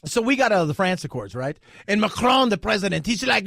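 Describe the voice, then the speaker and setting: A man hosting a talk radio show, his voice pitched high and swinging widely as he argues. He is sarcastic and animated, recorded dry on a studio mic with no room sound. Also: fast talker, creaky, hardly any pauses, no room sound. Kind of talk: opinionated talk radio monologue.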